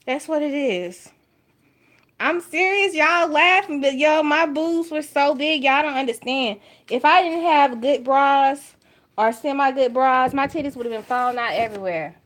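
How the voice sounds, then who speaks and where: Southern woman vlogging from home, kinda high voice, joking and real with her viewers. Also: moderate pace. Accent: Southern US, Alabama. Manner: candid, joking, talks straight to viewers as y'all. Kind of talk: casual chat to camera. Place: at home by her makeup table.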